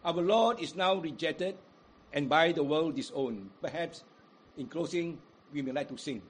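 Husky, high-voiced slow preacher. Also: male voice. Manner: dramatic quoting of crowds, rising and falling emphasis; sings hymn unaccompanied. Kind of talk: sermon.

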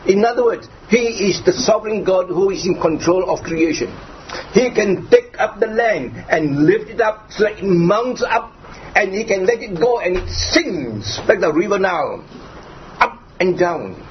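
A man's voice: high voice, expressive, measured pace. A man preaching a sermon, driving points home through repetition and rhetorical questions. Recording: dull lo-fi recording, faint background noise.

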